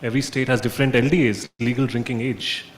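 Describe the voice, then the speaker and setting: A man's voice: medium pitch, steady tone, quick pace, slight background noise. A man who speaks as a brand marketer on a conference panel, making firm, emphatic points and repeating key phrases. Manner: firm, emphatic statements with repetition. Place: conference venue.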